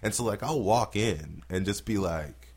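A man's voice: lowish voice, normal speed, breathy edge. A man, a stand-up comedian, telling stories in casual podcast talk, swearing freely and acting out what people said. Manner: profane, animated storytelling with acted-out quotes.

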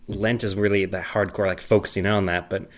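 In a casual, rambling chat, a man in his thirties tells family stories at a fairly quick pace. He brings the people in them to life with animated, high-pitched quoted voices.

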